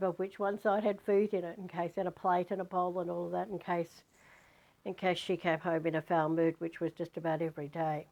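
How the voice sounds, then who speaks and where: A woman sharing a personal story as a spiritual teacher in a vlog, animated and frank. She repeats words for emphasis and swears casually. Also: on the low side, rough recording.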